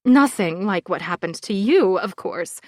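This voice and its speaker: A woman's voice: mid-range voice, expressive, a little slow, dry recording, studio quality, close to an everyday voice. A woman reading the part of a grown woman who defends herself to an old school friend, in an earnest, pleading manner.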